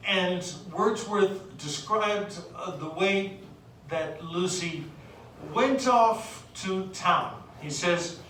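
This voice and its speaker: A woman from the United States lecturing on literature, unhurried and hesitant, filling pauses with "uh" and reading verse aloud. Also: on the low side, fairly bright tone, slight background noise. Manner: unhurried, hesitant with many fillers, reads poetry aloud. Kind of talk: recorded lecture. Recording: very echoey room, distant mic.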